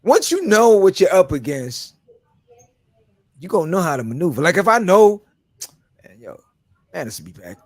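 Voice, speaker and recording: A man co-hosting a barbershop podcast, telling animated stories in casual chat. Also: sits high, moderate pace, pauses often, no room sound, studio quality. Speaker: podcast co-host.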